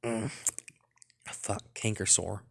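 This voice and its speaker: A man's voice: on the low side, fairly even intonation, slow pace, gravelly, slight background noise. A man hosting a let's play, reading a visual novel aloud and breaking off into rambling, casual asides.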